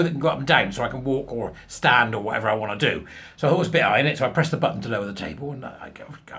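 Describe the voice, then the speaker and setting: A man's voice: medium pitch, fairly bright tone. A man hosting a casual monologue, rambling, chatty and self-mocking. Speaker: host. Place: home office at a walking desk.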